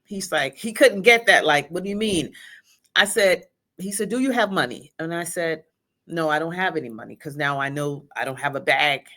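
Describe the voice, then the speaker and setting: This middle-aged guest shares an emotional personal account in a faltering way, with restarts and quoted dialogue. Her voice is low-pitched and slightly bright.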